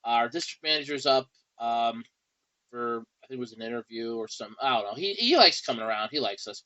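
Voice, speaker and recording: A man's voice: mid-range voice, lively intonation, quick pace, sharp tone, poor audio. A man hosting a podcast in a casual, rambling monologue with a wry tone and lots of fillers, speaking. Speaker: podcast host.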